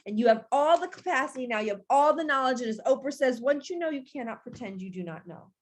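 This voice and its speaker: A middle-aged woman coaching her audience in a high, bright-pitched voice. She talks emphatically and preachily, hammering her points home by repeating phrases. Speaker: business coach. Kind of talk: motivational talk to camera.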